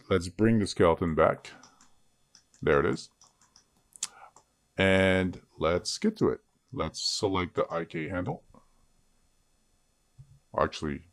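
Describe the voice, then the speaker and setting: Deep gravelly man teaching software. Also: no room sound. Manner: chatty, self-joking asides. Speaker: 3D rigging instructor. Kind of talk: screen-recorded software tutorial.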